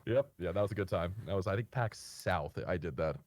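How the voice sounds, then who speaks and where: A man guest on a podcast, telling rambling stories with many fillers and bursting into animated impressions. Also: deep voice, brisk, no echo. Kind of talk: casual storytelling chat.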